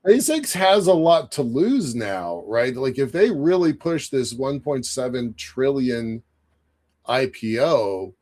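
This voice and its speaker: Male co-host; relaxed, enthusiastic casual banter. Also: mid-range voice. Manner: enthusiastic, easygoing, quick agreeing replies. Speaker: podcast co-host. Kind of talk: casual chat.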